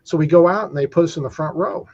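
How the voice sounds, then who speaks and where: A man's voice: fairly high pitch, fast, darkish tone, muffled recording. A man who works as an equipment manager, telling rambling anecdotes on a talk show, with many restarts. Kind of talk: casual storytelling chat.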